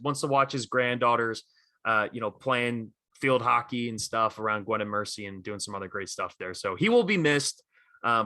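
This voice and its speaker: Guy cohosting a sports podcast, bright forceful voice, dry close mic, gets really into his stories. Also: mid-range voice, no echo. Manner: enthusiastic, animated retelling of stories. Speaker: podcast co-host. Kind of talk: casual sports podcast chat.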